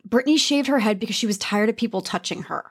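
A woman with a Southern US accent holds forth on a casual gossip podcast. Her voice sits a little high, and she is animated and frank, swearing freely. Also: quick pace, slightly rough. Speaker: podcast co-host, beauty writer.

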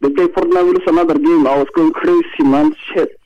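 A man phoning in to a show, boasting excitedly in broken English. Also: fairly high pitch, fairly quick, lo-fi sound. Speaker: caller. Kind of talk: call-in phone chat.

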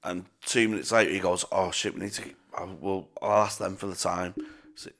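A man's voice: low voice, fairly even intonation, a little fast, fairly bright tone. A young man co-hosting a casual podcast, telling stories with lots of laughing and swearing. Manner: laughing storyteller, swears freely. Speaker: podcast co-host. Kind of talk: casual chat.

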